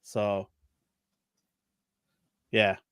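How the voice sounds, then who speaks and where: A man's voice: on the low side, little pitch movement, drawn-out words, fairly bright tone, clean tone, no echo, clean studio sound. A man co-hosting a casual chat show, rambling, repeating himself and laughing often. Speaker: co-host.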